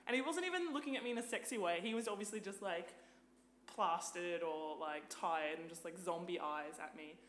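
Brief: young woman, animated sweary podcast guest, echoey room with a low hum. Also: normal speed. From Australia. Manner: animated, swears freely, lots of "like". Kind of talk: casual chat.

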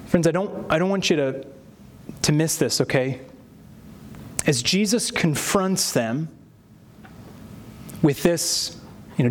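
High-voiced man preaching a sermon. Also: slow pace, long pauses, slight background noise. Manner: expressive preaching, acting out quoted voices. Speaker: pastor.

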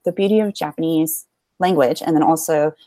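A woman's voice: low voice, fairly quick, warm tone, dry recording. Bubbly American woman telling stories. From United States. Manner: chatty, bubbly storyteller, laughs often. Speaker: podcast guest. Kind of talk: casual chat.

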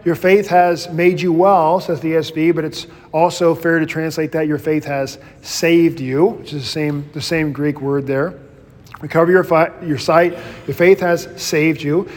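A man, a pastor, leading a Bible study in a casual, animated storytelling way. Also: on the high side, in a large hall.

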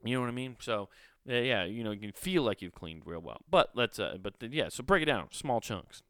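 A man's voice: medium pitch, expressive, a little fast, a bit bright, clear, resonant tone, no echo, clean studio sound. A man hosting a solo podcast, chatting casually with lots of swearing and filler words. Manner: rambling, profane, lots of fillers. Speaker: podcast host.

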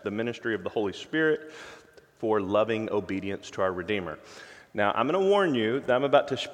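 A male pastor delivering an emphatic sermon in a church sanctuary. He leans on key words softly and slowly, then rises to loud, punchy asides. His mid-range voice carries a long reverb from the hall, and his overall pace is unhurried. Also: medium pitch. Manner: emphatic, shifts between soft slow stresses and loud quick asides.

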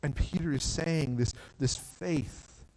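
A pastor preaching a sermon from a stage, talking in a conversational way with frequent "like" and quick restarts. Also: male voice, fairly high pitch, a little mellow, in a large hall, rough recording. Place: church stage.

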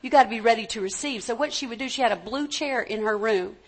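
A woman with a notably high-pitched voice preaches to her congregation. She speaks in an informal, conversational way and keeps asking the room for an amen. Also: fast talker. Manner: conversational, calls for amens from the congregation. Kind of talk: sermon.

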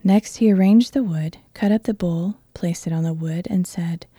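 A woman reading a Bible passage aloud in a measured, earnest voice. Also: fairly low pitch, mellow, breathy edge, no echo, clean studio sound. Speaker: Bible reader.

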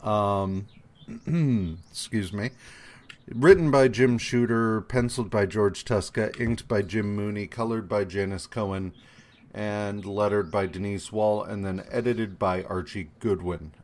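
A man co-hosting a casual podcast, recapping a comic with many ums and meandering asides. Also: fairly low pitch. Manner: meandering, lots of ums, quick acted quotes. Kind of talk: casual chat.

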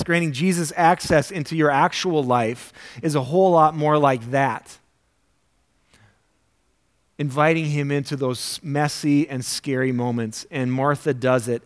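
A man preaching a weekend sermon to a congregation in a church. He talks conversationally, asks the listeners questions, and acts out quoted prayers loudly. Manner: acts out quoted prayers with big jumps in pitch and volume. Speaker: pastor. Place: church sanctuary before a congregation.

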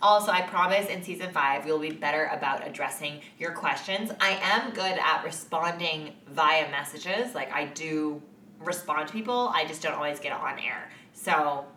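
A woman's voice: low voice, normal speed, bright, forceful tone, slight background noise. A woman co-hosting a podcast in casual chat, laughing often and swearing freely. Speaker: podcast co-host. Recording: echoey room, mic at a distance.

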